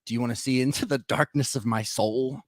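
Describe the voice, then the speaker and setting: A man's voice: mid-range voice, steady tone, a little fast, no echo, close to an everyday voice. A brooding young emo musician who pities himself, as a man puts him on in a tabletop game. He sounds mopey and aggrieved, and the recording is dry and close. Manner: mopey, self-pitying.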